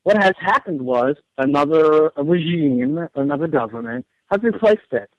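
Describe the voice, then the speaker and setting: A man's voice: fairly high pitch, lively intonation, normal speed, no echo. A man guesting on a radio show, talking earnestly in a rambling way, with many restarts and repeated words. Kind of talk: casual radio interview talk. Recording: dull lo-fi radio audio.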